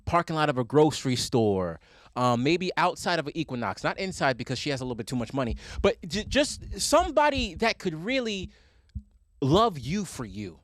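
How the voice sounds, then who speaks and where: A man's voice: on the high side, moderate pace, no echo, studio quality. Fired-up man ranting on a podcast. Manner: animated ranting, profane. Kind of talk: casual podcast rant.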